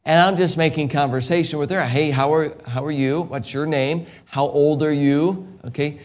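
A middle-aged man preaching a sermon as an evangelist, swinging from quiet storytelling to loud, impassioned peaks. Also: on the high side, fairly even intonation, moderate pace.

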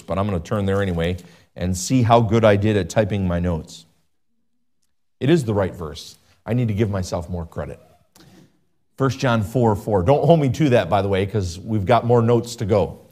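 A man preaching a sermon as pastor, asking his listeners frequent questions and swinging between loud emphatic lines and low quiet asides. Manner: asks the congregation frequent questions.

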